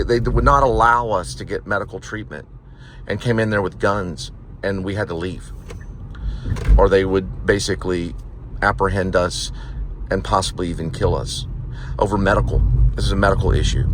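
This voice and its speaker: A low-voiced man of around fifty from Texas rants and rambles from topic to topic as he drives his delivery route. His talk is blunt and full of swearing. The steady hum of the car and road sits clearly behind him. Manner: ranting, profane, jumps between topics. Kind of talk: rambling talk while driving. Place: inside a car.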